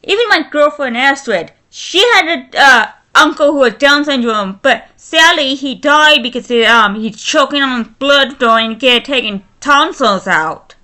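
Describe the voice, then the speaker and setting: A woman ranting in a vlog, furious and halting, often breaking off and restarting her sentences. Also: high-pitched, expressive, bright, forceful tone. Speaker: vlogger.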